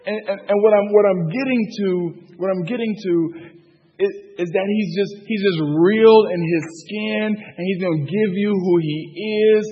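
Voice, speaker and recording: A man's voice: sits high, moderate pace, breathy edge. A man leading a Bible study in a casual, filler-heavy way, asking the group for answers. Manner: loose, filler-heavy talk, asks the room for answers. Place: hall with a group. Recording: dull echoey hall recording.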